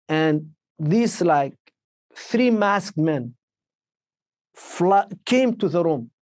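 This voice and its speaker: Mellow-voiced man recounting his ordeal haltingly. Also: a little high, dry recording. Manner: halting, repetitive speech with many restarts, speaking English as a second language. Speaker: podcast guest. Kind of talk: recounting personal experiences in an interview.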